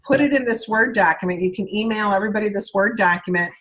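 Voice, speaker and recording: A woman at an ordinary middle pitch leads a training session for her sales directors over a video call. She talks in a chatty, looping way and often stops to check in with "all right?" before moving on. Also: fast talker, fairly bright tone, low-quality recording.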